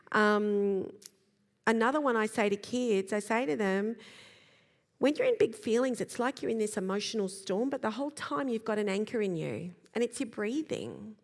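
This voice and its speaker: A middle-aged woman with a mid-range voice speaks calmly and gently to a live audience. She pauses to demonstrate slow breaths and sighs aloud. Her voice carries the long reverb of a large hall. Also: medium pitch, vocal fry. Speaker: parenting speaker.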